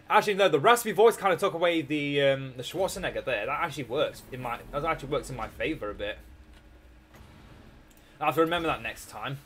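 This young Scottish man streams a strategy game and keeps up casual, rambling chat full of jokes and frequent laughter, even with a sore throat. He talks at a quick pace in an animated, fairly bright, higher-pitched voice.

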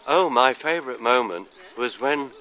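Older man with a bright voice. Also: mid-range voice, animated, low-quality recording. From London, England. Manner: anecdotal, unhurried, trailing off into asides. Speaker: actor being interviewed. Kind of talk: casual interview chat.

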